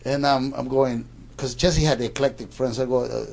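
A man's voice: medium pitch, a little fast, creaky, few pauses, darkish tone. A man in his sixties casually telling a rambling anecdote, stammering and repeating words as he goes.

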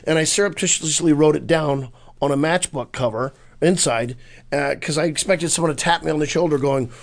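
A man from Missouri with a gravelly edge and a slightly raised pitch. He is a guest telling rambling, self-deprecating stories about his past in a relaxed interview chat. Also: a little fast. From Missouri, USA. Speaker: guest, improv comedian.

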